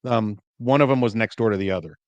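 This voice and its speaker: A man on a podcast telling a story in casual chat, relaxed and dry, with many fillers. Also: fairly low pitch, fast, no room sound. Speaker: podcast co-host.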